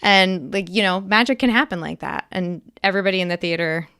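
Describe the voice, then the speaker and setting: A woman's voice: lowish voice, fairly quick, sharp tone, smooth. A woman actress talking as an interview guest in casual, enthusiastic, emphatic chat. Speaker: guest actress and accent coach.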